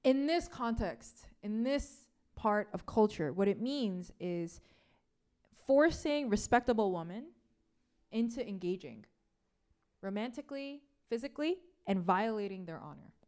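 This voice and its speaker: Here a female preacher uses a mellow, mid-range voice, unhurried and expressive. Key phrases get repeated for weight, and her casual, talky delivery is sprinkled with "like" and "right?".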